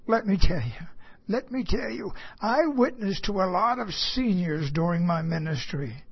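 A preacher unhurriedly tells a story from the pulpit, leaning on repeated phrases for emphasis. The voice has a husky, breathy edge. It comes through a dull, lo-fi recording. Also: mid-range voice, animated, unhurried. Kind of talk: sermon told as a personal story.

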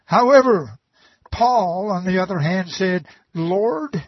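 A man preaching a folksy sermon, drawn out and slow, with homespun asides. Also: high voice, lively intonation, breathy edge, dry recording, dull audio.

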